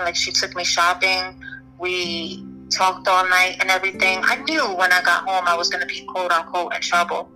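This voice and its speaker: A young woman with a very bright, sharp-edged voice tells her own story in an interview. She talks candidly, stopping and restarting, leaning on "you know" as she goes. Faint music sits low under her voice. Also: low-quality recording. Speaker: guest.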